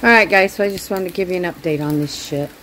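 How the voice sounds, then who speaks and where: A woman's voice: on the low side, fast talker, fairly bright tone, rough recording. A woman chatting casually to camera at home, frank and folksy, swearing freely. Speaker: vlogger. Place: home, porch and pool area in rain. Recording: rain noise clearly behind.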